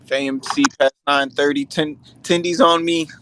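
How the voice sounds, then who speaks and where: A man in a casual voice chat about stocks, excitable and swearing. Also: on the high side, normal speed, background noise.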